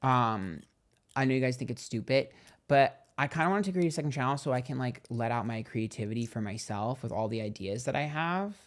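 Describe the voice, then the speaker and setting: A man's voice: medium pitch, expressive, brisk. A young man hosting a livestream tarot channel, telling stories in a chatty, gossipy way and swearing freely. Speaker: tarot reader and livestream host. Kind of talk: casual livestream chat.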